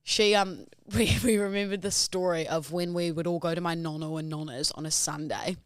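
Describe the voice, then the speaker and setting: A woman with a New Zealand accent, co-hosting a podcast and telling animated, teasing stories in casual banter. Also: lowish voice, normal speed, dry recording. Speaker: podcast co-host.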